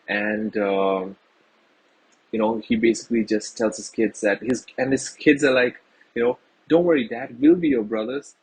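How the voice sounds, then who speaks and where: A man's voice: lowish voice, husky, low-quality recording. A man giving a casual, rambling film review to his viewers, earnest and full of fillers.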